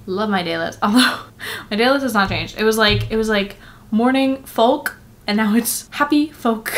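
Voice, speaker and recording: A woman's voice: fairly high pitch, normal speed, a little hiss or hum. Sleepy rambling young woman vlogging. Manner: rambling, filler-heavy, laughs often. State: tired from little sleep. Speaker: book vlogger. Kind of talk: casual chatty vlog. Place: apartment at home.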